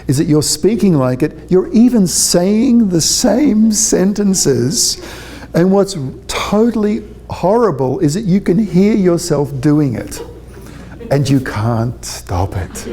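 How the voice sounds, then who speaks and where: Man, parenting speaker, unhurried delivery, mellow tone, jokes and asks the audience "right?". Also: fairly high pitch. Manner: chatty, joking, checks in with the audience. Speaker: parenting consultant giving a talk. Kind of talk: public talk to parents.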